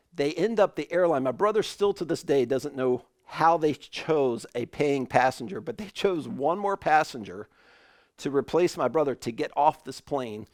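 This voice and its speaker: A man preaching an online sermon in a relaxed, conversational way, telling a family story with animated asides. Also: mid-range voice, no echo, clean studio sound. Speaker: pastor.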